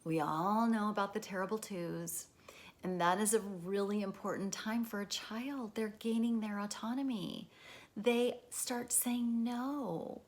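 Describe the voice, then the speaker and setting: A woman's voice: mid-range voice, fairly even intonation, a little slow. A middle-aged woman talking casually as a therapist and podcast host, candid and swearing freely, often acting out the people she describes. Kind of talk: casual spoken talk.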